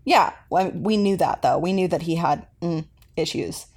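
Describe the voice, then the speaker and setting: A woman's voice: on the low side, normal speed, a little mellow, breathy edge. Young woman co-hosting a podcast, rambly and chatty, lots of ums and likes. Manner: chatty, rambling, many fillers. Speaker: podcast co-host. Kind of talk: casual recap chat.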